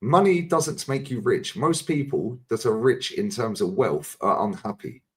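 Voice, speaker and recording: A man in casual chat, animated, swearing and saying "bro" and "yeah" often. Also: medium pitch, measured pace, husky.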